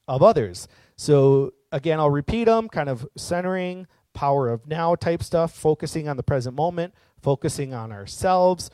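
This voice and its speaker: A man's voice: mid-range voice, darkish tone, dry recording. A man giving an earnest, casual reflective monologue, rambling a little with fillers and restarts.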